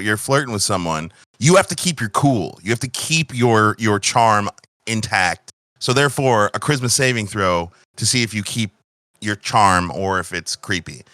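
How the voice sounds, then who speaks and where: Animated young man running a tabletop game. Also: medium pitch, no echo. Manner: animated, quick, full of filler words. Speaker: game master. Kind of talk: casual tabletop game narration.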